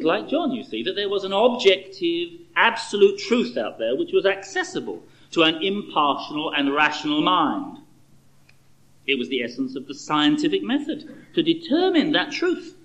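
Animated preacher, lively voice. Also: male voice, on the high side, poor audio. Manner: animated, conversational, rhetorical questions. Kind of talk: sermon with dramatic storytelling.

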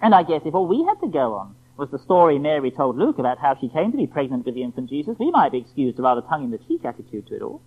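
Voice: mid-range voice, sing-song, fast, hardly any pauses, husky. A preacher giving an evening sermon, emphatic and rhetorical, often asking the listeners questions. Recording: tinny phone-like lo-fi sound.

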